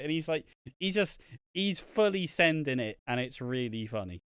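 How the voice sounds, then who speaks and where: A man co-hosting a podcast, chatting casually and recapping with sweary, animated storytelling. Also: fairly high pitch, normal speed, smooth, no room sound, studio quality. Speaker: podcast co-host. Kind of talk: casual chat.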